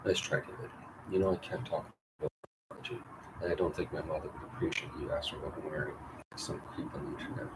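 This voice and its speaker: A man reading the lines of a calm, teasing young woman in a dry, matter-of-fact way. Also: rumbling low, quick pace, far from the mic. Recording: loud background noise.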